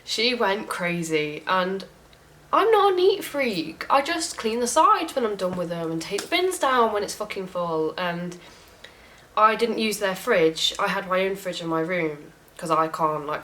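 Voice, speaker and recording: Young woman, lowish voice, casual storytime rant, swears freely, animated. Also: moderate pace, poor audio. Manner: frank, swears often, animated retelling. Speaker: vlogger.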